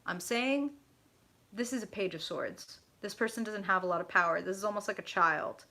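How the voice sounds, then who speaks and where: A woman's voice: mid-range voice, moderate pace, bright, forceful tone. A woman hosting a live tarot reading, effusive and profane, chatting directly to her viewers.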